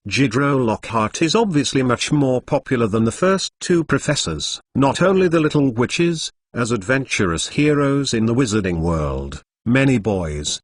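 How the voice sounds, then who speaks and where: A man's synthetic-sounding voice narrating a story in a flat, even manner, reading punctuation aloud, close to the mic. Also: medium pitch, moderate pace, few pauses, no room sound. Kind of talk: audiobook narration of fan fiction.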